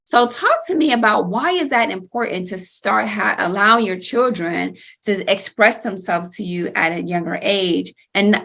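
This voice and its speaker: A woman's voice: medium pitch, creaky. A woman hosting an interview, reflecting earnestly and affirming her guest with frequent murmurs. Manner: warm backchannelling, earnest and reflective. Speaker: host. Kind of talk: conversational interview.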